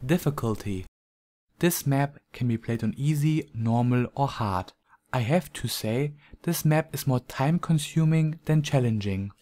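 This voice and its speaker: A man with a German accent reading a scripted game review in a measured, even voice-over. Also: mid-range voice.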